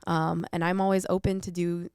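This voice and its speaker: A woman's voice: fairly low pitch, flat delivery, moderate pace, a little mellow, clean tone, no room sound, studio quality. A woman guest on a podcast, telling stories in an earnest, reflective way in casual conversation.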